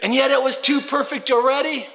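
Guy preaching, super high sharp voice, reads verses then pushes hard on the points. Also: steady tone, fairly quick, gravelly. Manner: reads scripture aloud, rising to emphatic calls. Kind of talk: sermon.

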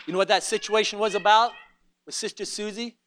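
A man's voice: high-pitched, steady tone, fairly quick, a bit bright. A man preaching a sermon in a folksy way, mixing joking asides with fervent, emphatic exhortation.

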